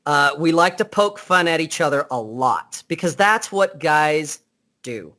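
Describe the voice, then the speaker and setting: A man chats as a guest on a podcast, heard over a Skype call. He is blunt and unfiltered, and he rambles and restarts his sentences. His voice sits somewhat high for a man. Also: animated, a little slow, sharp tone. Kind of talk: casual interview chat.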